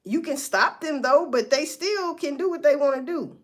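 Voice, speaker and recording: A woman's voice: high-pitched, expressive, normal speed. A woman hosting a casual livestream, giving blunt, profane commentary and talking straight to her viewers. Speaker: livestream host.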